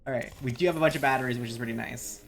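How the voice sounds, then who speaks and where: A man's voice: mid-range voice, racing, a little hiss or hum. A man giving playful, joking commentary while playing a game, stumbling when he reads text aloud. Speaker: gaming streamer.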